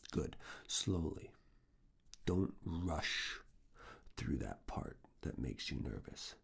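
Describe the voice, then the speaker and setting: Whispered role-play, low gravelly breathy voice, slow teasing professor giving orders up close. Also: sing-song. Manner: slow, coaxing, quietly commanding. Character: teasing university professor giving private review. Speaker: ASMR roleplay creator.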